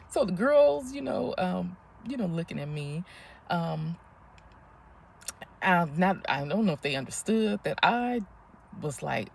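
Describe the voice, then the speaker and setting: A woman in her fifties telling a story in a casual, animated vlog, often breathless and laughing as she talks. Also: fairly low pitch, slow pace, vocal fry, long pauses, a little hiss or hum. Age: 50s. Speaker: vlogger.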